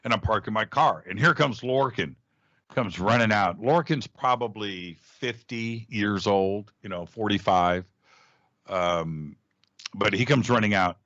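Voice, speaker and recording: A middle-aged man, a radio host guesting on a podcast, telling a personal story in a lively, casual way with frequent restarts and sudden jumps in pitch. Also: measured pace, dry recording. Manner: animated storyteller, jumps up in pitch when acting out quoted speech, frequent restarts. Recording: dull, dry lo-fi audio.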